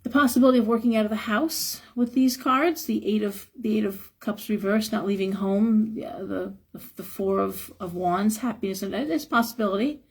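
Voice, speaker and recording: A hoarse woman giving a frank, advice-giving live tarot reading and chuckling now and then. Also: mid-range voice, normal speed, hardly any pauses. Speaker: tarot reader.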